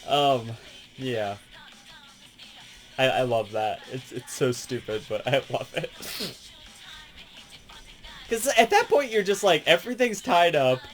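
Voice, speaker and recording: A gaming channel host rambling casually and excitedly about a favorite game, swearing a lot and laughing often, with faint music behind. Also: medium pitch, slow, pauses often.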